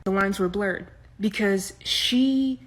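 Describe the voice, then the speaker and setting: A woman telling comic storytime anecdotes, jumping between loud punchlines and quiet asides. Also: medium pitch, slow pace. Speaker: comedy video creator. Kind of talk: storytime monologue.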